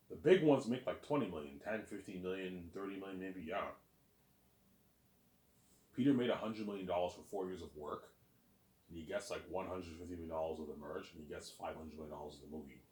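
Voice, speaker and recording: A man's voice: low-pitched, reverberant. A man hosting his own listening series, rambling in a casual, boastful monologue and often repeating words as he restarts.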